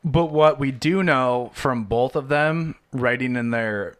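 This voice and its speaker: A man co-hosting a casual podcast, telling the story in an unhurried way with casual swearing. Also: medium pitch. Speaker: podcast co-host presenting the story.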